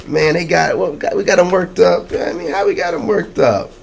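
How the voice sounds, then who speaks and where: Male tarot reader, gravelly and a touch high, excitable slangy patter, big on catchphrases and audience call-outs. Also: fast, a little hiss or hum. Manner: excitable, slangy, repeats catchphrases, calls out to viewers. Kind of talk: casual tarot reading to camera.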